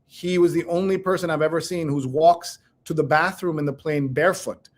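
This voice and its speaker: A man co-hosting a casual talk show, opinionated and animated, who reads headlines aloud and reacts with blunt commentary. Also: a little high, a little fast. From India. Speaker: co-host. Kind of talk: casual chat.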